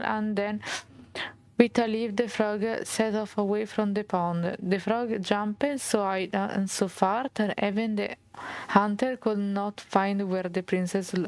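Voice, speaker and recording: A woman with an Italian accent reading a game's fairy tale aloud as a streamer, halting and restarting, with Italian asides. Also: medium pitch, a little mellow, no echo. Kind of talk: reading game text aloud.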